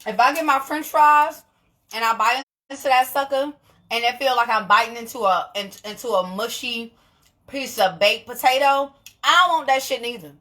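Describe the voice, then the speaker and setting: Bright-voiced, blunt young woman vlogging. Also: a little high, moderate pace. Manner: animated, blunt, swears freely, laughs often. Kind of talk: casual monologue to camera.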